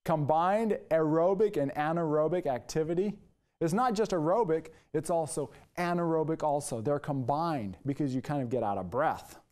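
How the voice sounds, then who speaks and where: A man's voice: a little high, normal speed, a little mellow. A man, a nurse, teaching a workout and counting out the moves, upbeat and a little out of breath at times. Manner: upbeat coaching, counting out moves while exercising. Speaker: nurse demonstrating exercise. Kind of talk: exercise demonstration lesson.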